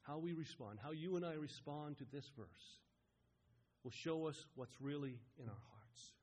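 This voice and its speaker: A man preaching a sermon as a pastor, swelling to loud emphatic peaks and dropping to quiet, slow phrases. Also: a little high, expressive, slight background noise. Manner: rising and falling in emphasis, building to loud peaks.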